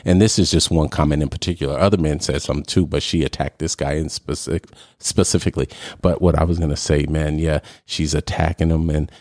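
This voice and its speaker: A man's voice: extremely low pitch, fairly even intonation, fast, few pauses, a little mellow, no room sound, studio quality. A man hosting a podcast, talking casually and emphatically in a ranting way. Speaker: podcast host.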